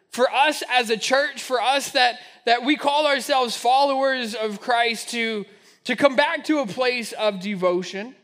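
A man in his thirties preaching a sermon to his church, telling a personal story with animated, self-mocking humor. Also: very high-pitched. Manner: storytelling, animated, laughing at himself. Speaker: pastor. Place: church sanctuary.

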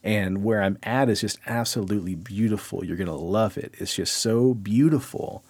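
A man quoting his grandmother in a story, a loving old woman who speaks softly and reassuringly. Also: lowish voice, normal speed, husky, no room sound. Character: gentle, loving grandmother from a dream.

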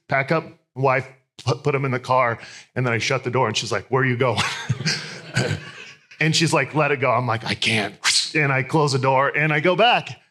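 A man's voice: medium pitch, pushed and bright. A man in his thirties preaching a sermon, telling candid, self-deprecating personal stories. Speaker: pastor.

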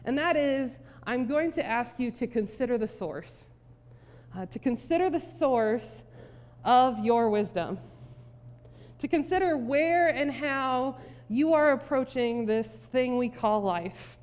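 A woman pastor giving a sermon in a conversational, animated storytelling manner. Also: high voice, slow pace. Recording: long hall reverb.

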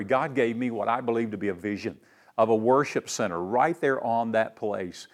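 Folksy pastor preaching. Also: male voice, mid-range voice, normal speed. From East Tennessee, US. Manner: warm folksy storytelling with fillers and "man". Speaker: guest pastor. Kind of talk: sermon.

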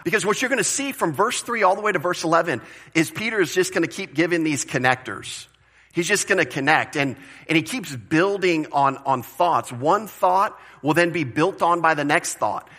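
Animated, bright-voiced man preaching. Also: fairly high pitch, normal speed, slightly rough. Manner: animated, emphatic preaching with repetition and asides to the congregation. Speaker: pastor. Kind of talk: sermon.

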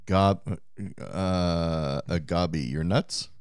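A man co-hosting a podcast in casual chat, laid-back and deadpan. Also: low-pitched, extremely slow, clean tone, no echo, studio quality. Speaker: podcast co-host.

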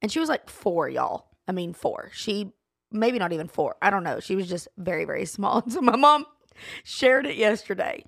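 A woman co-hosting a podcast in casual chat, telling stories with animated flair. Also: mid-range voice, moderate pace, creaky, no room sound, studio quality. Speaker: podcast co-host.

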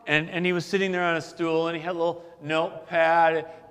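A man preaching a sermon as the pastor, telling stories in a relaxed, conversational way with asides. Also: fairly high pitch, fast, hardly any pauses, long reverb tail.

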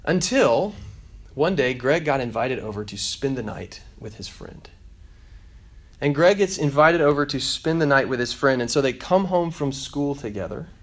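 A man in his thirties preaching a sermon, telling a story and acting out the quotes in softer voices. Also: medium pitch, animated, normal speed. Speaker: pastor.

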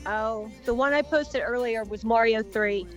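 A woman's voice: on the high side, unhurried, soft background music. A woman guest on a casual podcast, telling a chatty, nostalgic story.

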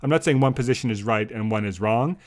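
Speaking fast in a medium-pitched voice, a man co-hosts a podcast and rambles casually through the episode. He restarts his sentences often and keeps asking his co-host questions.

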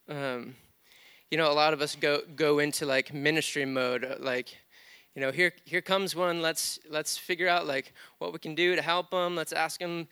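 A pastor in his thirties delivers a sermon at church, telling stories conversationally and restarting his sentences often. His mid-range voice sounds pushed and bright yet smooth. The recording is studio quality with no echo.

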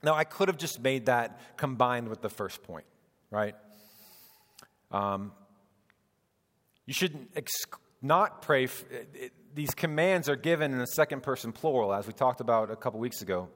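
A man's voice: mid-range voice, lively intonation, normal speed, a bit bright. A man in his thirties preaching a sermon as pastor, earnest and emphatic, using rhetorical questions. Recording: long church reverb.

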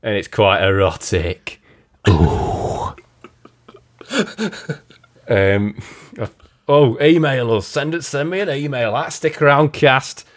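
A man putting on the voice of a profane, ranting punk frontman, firing off deadpan insults. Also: medium pitch, slow, pauses often.

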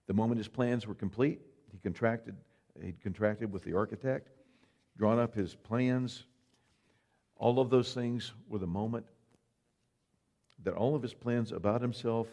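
A man preaches from the pulpit in a low, mellow voice. He talks earnestly and conversationally, slipping in folksy asides. It is a sermon delivered to a church congregation. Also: normal speed, gravelly. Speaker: pastor.

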